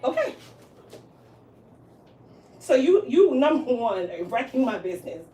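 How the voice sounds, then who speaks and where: A woman with a fairly high voice, chatting in her hair salon and telling a story. She acts out each person's lines with plenty of laughter. She sits back from the mic in a roomy space, with a faint hiss underneath. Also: moderate pace, far from the mic. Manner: animated, acts out quoted lines, laughs often. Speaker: hairstylist and salon owner. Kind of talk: casual storytelling chat.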